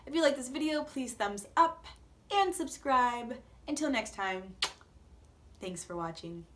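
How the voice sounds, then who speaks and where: Animated young woman vlogger, fairly high voice. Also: measured pace, a little hiss or hum. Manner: dramatic, playful, acts out reactions. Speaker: vlogger recapping a reality show. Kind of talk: casual chatty recap.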